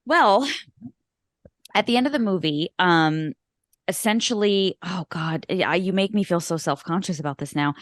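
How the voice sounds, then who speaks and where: A woman's voice: lowish voice, normal speed, no echo, clean studio sound. A woman co-hosting a casual movie podcast, blunt and teasing, wandering into side stories. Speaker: podcast co-host.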